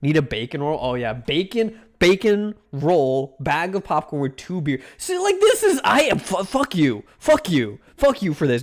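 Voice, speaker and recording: Young male streamer, casual live commentary, animated and ranting, pitch sits a bit high. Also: normal speed, hardly any pauses. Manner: ranting, mock-outraged, swears freely.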